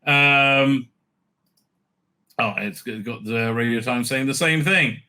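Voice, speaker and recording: A man's voice: medium pitch, slow, sharp tone, clear, resonant tone. A man hosting a channel, giving sarcastic, profane commentary over clips and dropping into exaggerated mocking voices.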